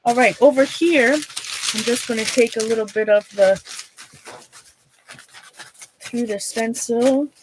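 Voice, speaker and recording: Rough audio with a little hiss or hum carries a fairly high-pitched woman speaking in a Minnesota accent. She's demonstrating a craft on an art livestream, casually chatting with viewers as she works. She's talkative and rambling, trailing off mid-thought and laughing frequently.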